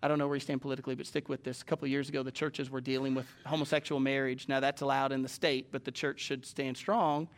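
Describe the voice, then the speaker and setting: A man preaching a sermon to a live congregation, animated and jumping up to loud exclamations and acted-out quotes. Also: mid-range voice, fast talker, hardly any pauses. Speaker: pastor. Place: church sanctuary with a live congregation.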